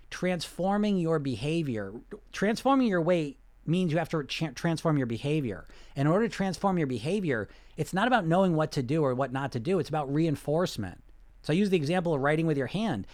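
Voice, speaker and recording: Blunt man coaching with rhetorical questions. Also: a little high. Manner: blunt, fires rhetorical questions, laughs often. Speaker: weight loss coach. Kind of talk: casual coaching talk to viewers.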